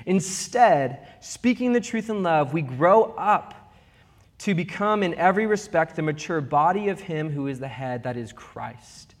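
A young man preaching a sermon as pastor, with animated, humorous storytelling. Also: a little high, measured pace. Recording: long reverb of a big hall.

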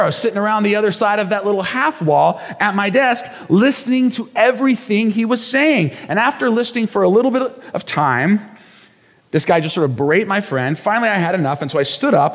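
Male pastor, lively sermon storyteller, slightly high voice, long hall reverb. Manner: animated storyteller, acts out quotes.

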